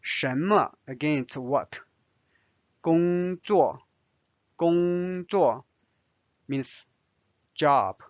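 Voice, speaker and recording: Chinese-native man teaching a lesson, very slow and patient, dry dull sound. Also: a little high, no echo. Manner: slow, careful explanations with many fillers. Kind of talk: language lesson.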